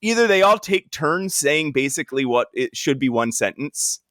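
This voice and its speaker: A man's voice: fairly high pitch, animated, moderate pace, a bit bright, dry recording, studio quality. A tired man co-hosting a comic book podcast, cracking up often through punchy banter. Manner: giggly, punchy, exhausted banter. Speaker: podcast co-host.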